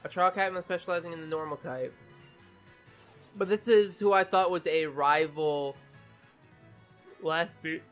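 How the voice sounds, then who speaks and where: Drowsy, excitable gaming youtuber. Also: mid-range voice. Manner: excitable, swears, stumbles over names. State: sleepy, just woke up. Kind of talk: casual reaction commentary.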